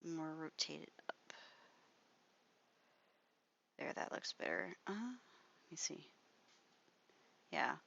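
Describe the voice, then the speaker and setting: A woman's voice: low-pitched, very animated, slow, creaky, pauses often. Rambling young woman livestreaming her drawing. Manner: rambling storytelling, constant "like" fillers and frequent swearing; mutters softly to herself while drawing. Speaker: artist livestreaming while drawing. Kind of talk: casual rambling livestream commentary. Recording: slightly dull lo-fi mic, dry.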